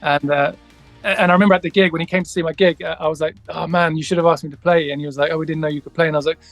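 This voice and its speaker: A man's voice: fairly high pitch, fairly even intonation, rapid-fire, a bit bright, no room sound, faint music behind. A man, a guest musician, telling a long story in a casual interview, rambling with many restarts and acting out the dialogue.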